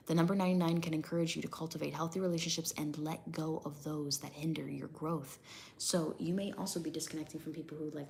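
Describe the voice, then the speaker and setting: Woman, tarot reader, low voice, gravelly fry, casual hedging, faint background hum. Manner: hedging, repeats "I don't know" and "I'm getting that vibe"; reads definitions aloud from a tablet.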